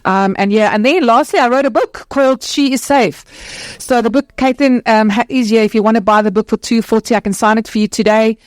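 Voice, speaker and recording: A woman speaking on a conference stage as the founder of an anti-trafficking charity. She talks passionately and earnestly, in quick bursts with many restarts. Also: fairly high pitch, no echo. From South Africa.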